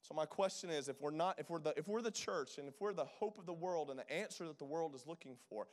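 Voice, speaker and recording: High-voiced impassioned pastor. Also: male voice, expressive, quick pace. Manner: impassioned, rising to loud peaks, call-and-response with congregation. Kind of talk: sermon.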